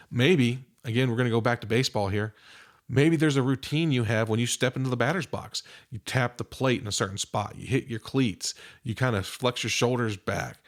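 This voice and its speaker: A middle-aged man, a mental performance coach, explaining breathing and reset routines on a podcast in an encouraging coaching tone. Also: medium pitch. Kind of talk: podcast instruction.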